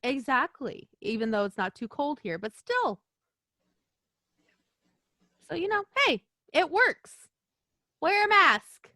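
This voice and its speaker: A woman co-hosting a podcast in casual chat, excitable and gushing, swearing freely. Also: sits high, takes it slowly, pauses often, dry recording, clean studio sound. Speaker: podcast co-host.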